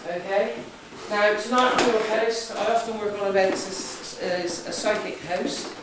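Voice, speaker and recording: A woman with a West Country accent, working as a psychic, hosts a ghost hunt and briefs a group in a chatty, jokey way, checking in with "okay?". Her mid-range voice is measured and fairly even. A camera picks her up from a distance in a large, echoey room of an old building, with heavy background noise.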